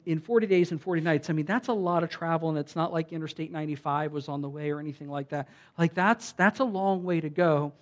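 A pastor preaching a sermon in an animated, conversational way, swinging between loud emphasis and hushed asides, with many restarts. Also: mid-range voice. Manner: conversational, with frequent restarts and filler like "like".

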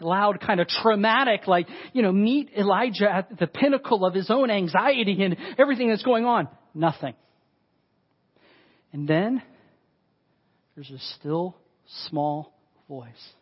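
A man with a high voice preaches a sermon, talking in a loose, conversational way and pressing hard on his points. The recording is dull and lo-fi. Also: breathy edge. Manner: conversational and emphatic, with frequent "like". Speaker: pastor.

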